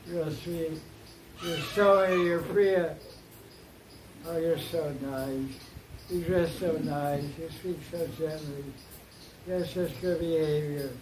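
A man's voice: sits high, steady tone, slow, pauses often, background noise. A man voicing a lovesick young woman who scolds and mocks a bee messenger, with a roomy echo. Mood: mocking. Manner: mocking, scornful.

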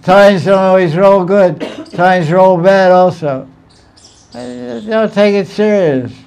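Man, high voice, informal spiritual talk, playful storyteller, chuckling. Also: slow pace, creaky, a little mellow, clean tone. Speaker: spiritual teacher.

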